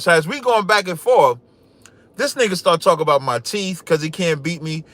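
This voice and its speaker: A man hosting a livestreamed podcast, talking loudly and boastfully, trash-talking and reading scripture aloud. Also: a little high, normal speed, no room sound. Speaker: podcast host.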